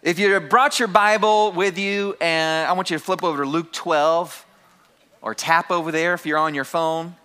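A man's voice: a little high, steady tone, normal speed, sharp tone, clean tone. A man preaching a sermon to his congregation, calling out key phrases and having the room repeat them. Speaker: pastor.

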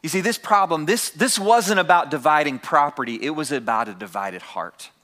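A man's voice: a little high, animated, moderate pace, sharp tone. A man preaching a sermon to his congregation, calling out key phrases and having the room repeat them. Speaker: pastor.

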